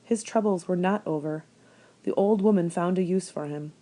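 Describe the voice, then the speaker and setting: Lady reading a kids' book out loud, fairly low voice, calm and steady. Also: moderate pace. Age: adult. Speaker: reader. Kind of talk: storybook read-aloud.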